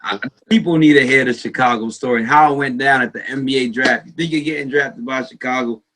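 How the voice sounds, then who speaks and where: A man's voice: mid-range voice, a little fast, sharp tone, a little hiss or hum. A man hosting a podcast interview, talking casually and repeating words as he gets started. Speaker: podcast host.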